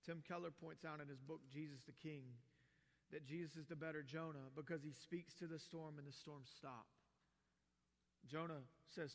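A man preaching a sermon as pastor, animated and swelling loud, with casual asides to the church. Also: on the high side, moderate pace. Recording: long reverb of a large hall.

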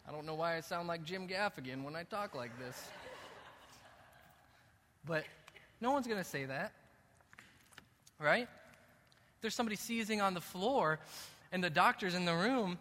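A male pastor preaching a sermon in a church, moving between calm teaching and loud, emphatic passages. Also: sits high, moderate pace, long pauses. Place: church sanctuary. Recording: echoey hall reverb.

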